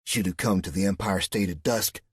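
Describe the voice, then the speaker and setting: A man's voice: low-pitched, moderate pace, slightly rough, no echo, clean studio sound. A man voicing a flirtatious, sarcastic woman from West Virginia with a Southern drawl, teasing and fond of pet names. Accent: American Southern.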